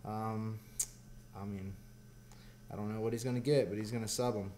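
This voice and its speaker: A young man with a Southern US accent, chatting as an interview guest in a relaxed, rambling way. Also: fairly low pitch, moderate pace, slight background noise. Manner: laid-back, rambling with fillers. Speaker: guest fighter. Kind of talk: casual interview chat.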